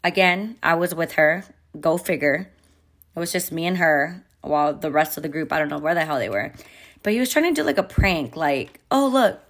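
A woman's voice: deep voice, lively intonation, normal speed. A mother telling a heated story in a candid storytime vlog, full of profanity and filler words.

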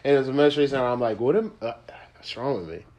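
A young man co-hosting a casual podcast, telling an embarrassing story with lots of laughing, drifting between mumbled asides and loud outbursts. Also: mid-range voice, quick pace. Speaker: podcast co-host.

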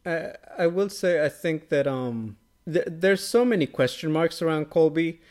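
A man hosting a casual MMA podcast, talking quickly and upbeat, tossing questions to his co-host. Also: fairly high pitch, lively intonation, darkish tone. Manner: quick, upbeat, conversational with quoted asides. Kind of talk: casual sports chat.

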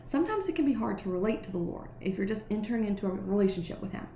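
A woman's voice: mid-range voice, very animated, racing, warm tone. Earnest woman musing on faith, roomy echo. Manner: earnest and conversational, many fillers like "like" and "right". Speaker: Christian devotional speaker. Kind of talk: casual devotional reflection. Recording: echoey room with faint background noise.

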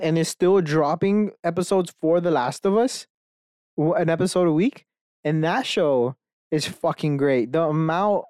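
Young guy ranting solo on his podcast, cussing a lot, smooth clear voice, super dry mic. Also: a little high, no room sound. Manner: profane, animated rambling. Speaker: podcast host. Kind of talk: casual solo monologue. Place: bedroom.

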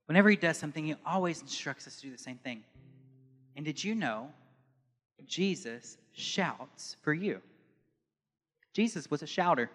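Guy preaching a sermon, high bright voice, long church hall reverb. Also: normal speed, pauses often, soft background music. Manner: builds from calm teaching to loud impassioned preaching. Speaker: pastor.

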